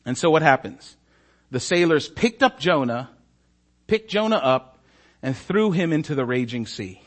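A man's voice: fairly high pitch, measured pace. A man preaching a sermon as a story, acting out the characters' lines and often asking the congregation "right?". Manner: animated, acts out voices, asks "right?".

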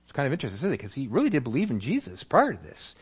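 A man's voice: mid-range voice, rapid-fire, breathy edge. A male pastor preaching a sermon, telling a story vividly and acting out its scenes. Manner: animated storytelling, acts out scenes.

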